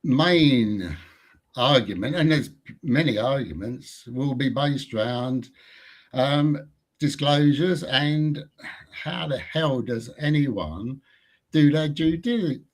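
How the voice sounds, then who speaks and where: Relaxed older man, former franchisee. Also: mid-range voice, slow pace. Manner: relaxed, self-deprecating, chuckles often. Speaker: debate guest, former franchisee. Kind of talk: casual live debate talk.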